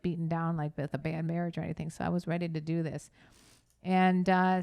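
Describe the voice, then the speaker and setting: A woman's voice: on the low side, a little mellow, no echo, clean studio sound. A middle-aged woman author, a guest chatting frankly about dating and laughing through her stories. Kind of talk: casual chat.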